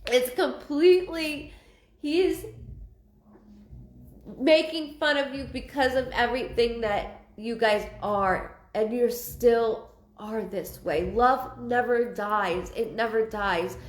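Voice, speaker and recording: Higher-voiced woman, rambling medium. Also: slow pace, reverberant, slight background noise. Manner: rambling, repeats phrases, many ums. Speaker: psychic medium. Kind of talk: live psychic reading.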